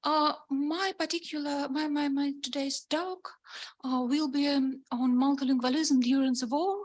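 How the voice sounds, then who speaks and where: Woman, Russian accent, guest lecturer, slightly high voice, halting, repeats herself. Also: steady tone. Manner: halting, repeats words, soft asides. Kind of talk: academic talk.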